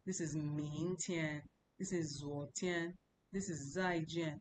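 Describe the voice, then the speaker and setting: A woman's voice: low voice, steady tone, takes it slowly, a little mellow, a little hiss or hum, low-quality recording. A woman teaching a language class, repeating words and drilling the tones. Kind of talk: classroom lesson.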